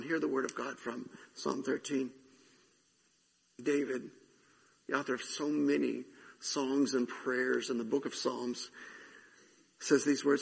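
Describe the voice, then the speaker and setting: Slow, gravelly pastor in a reverberant sanctuary. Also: male voice, medium pitch, level tone. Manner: slow, earnest, prayerful with drawn-out phrases. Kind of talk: sermon with prayer and scripture reading. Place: church sanctuary.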